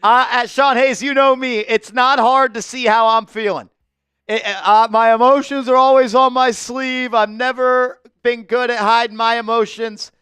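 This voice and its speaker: A man hosting a fan live stream, calling plays and giving chat shout-outs, bursting into shouts and sing-song calls on big shots. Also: very high-pitched, moderate pace, smooth, no room sound. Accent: New York. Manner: shouts and sings-along on made baskets, then calmer commentary.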